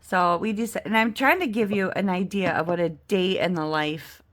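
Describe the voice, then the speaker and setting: A woman's voice: fairly low pitch, normal speed, slight background noise. Chatty self-mocking woman telling a story. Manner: chatty, self-mocking, animated storyteller who acts out the other people's lines. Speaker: budget and game-night vlogger. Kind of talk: casual storytelling while playing a game.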